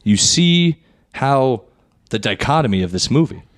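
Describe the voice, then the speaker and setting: A man's voice: medium pitch, lively intonation, a little slow. A young man hosting a casual podcast chat, loose and profane, retelling movie scenes. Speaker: podcast host.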